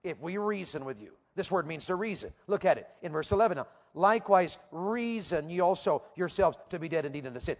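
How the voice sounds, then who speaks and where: A man's voice: a little high, expressive, brisk, hardly any pauses. A man preaching a sermon to teenagers, asking emphatic, repeated rhetorical questions. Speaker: youth preacher. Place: church platform before a youth audience.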